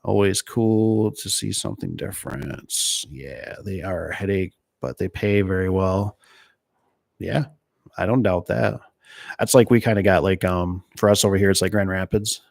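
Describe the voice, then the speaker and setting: A man's voice: deep voice, moderate pace, creaky, darkish tone, no echo, studio quality. A middle-aged man from Michigan who runs a door and gate business, chatting casually while reading viewer comments and rambling through stories. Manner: rambling, storytelling, mimics voices in quotes. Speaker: door and gate installer hosting a live stream.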